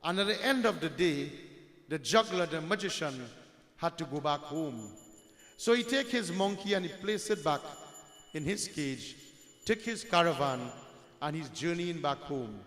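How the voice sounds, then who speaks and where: A man tells a devotional story in a fairly high voice, calling his listeners dear friends. Hindi devotional words run through his English. His voice rings through an echoey hall with a long reverb tail. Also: lively intonation, measured pace, fairly bright tone. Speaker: religious storyteller.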